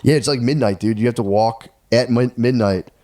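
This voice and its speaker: A man's voice: mid-range voice, brisk, dark tone. A man co-hosting a podcast, telling a story in a loose, profane, rambling way. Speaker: podcast co-host. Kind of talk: casual chat.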